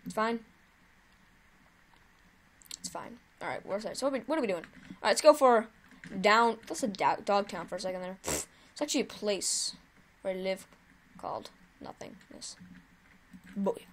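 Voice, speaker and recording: A woman hosting her own gaming video, giving chatty, excitable live commentary while she plays and cheering at her wins. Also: medium pitch, moderate pace, long pauses, slight background noise.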